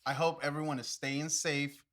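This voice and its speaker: A man's voice: on the high side, level tone, normal speed, a bit bright. A man co-hosting a casual podcast with his wife, talking in an enthusiastic, rambling way with lots of fillers and restarts. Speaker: podcast co-host. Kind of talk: casual chat.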